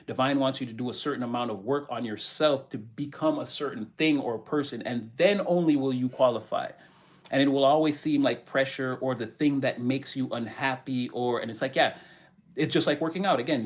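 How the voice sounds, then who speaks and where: A man giving a channeled spiritual tarot reading who keeps repeating his key phrases for emphasis. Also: medium pitch. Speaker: tarot reader.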